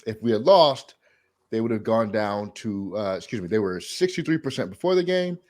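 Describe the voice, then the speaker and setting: A man's voice: lowish voice, normal speed. A man hosting a sports podcast, opening with showman hype and then chatting casually. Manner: hype showman intro, animated. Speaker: podcast host.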